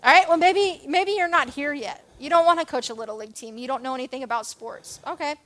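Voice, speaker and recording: Young woman youth leader, high pitch, casual self-mocking sermon delivery. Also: fast talker. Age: young adult. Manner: chatty, self-deprecating, animated with jokes and asides. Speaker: church youth and kids leader.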